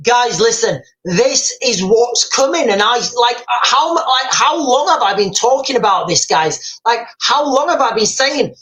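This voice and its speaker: A man's voice: very high voice, lively intonation, unhurried, few pauses, a bit bright, low-quality recording. A man hosting a live stream, talking casually, rambling and repeating himself as he reads out viewer comments.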